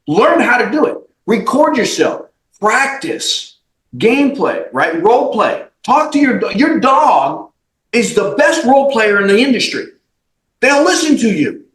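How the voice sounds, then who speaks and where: Blunt, animated man in an echoey room. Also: very high-pitched, measured pace. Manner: emphatic, blunt motivational talk with profanity. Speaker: guest, mortgage company CEO. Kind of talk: podcast interview.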